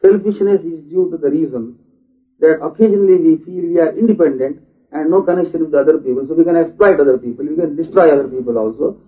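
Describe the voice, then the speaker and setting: A man giving a philosophical lecture, deliberate in manner and asking many rhetorical questions. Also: a little high. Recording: dull lo-fi recording.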